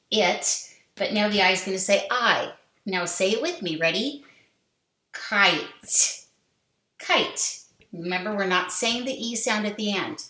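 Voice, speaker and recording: A woman teaching a phonics lesson to young children, sounding out words slowly with sing-song prompts. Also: fairly low pitch, a bit bright. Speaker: kindergarten teacher. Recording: echoey room.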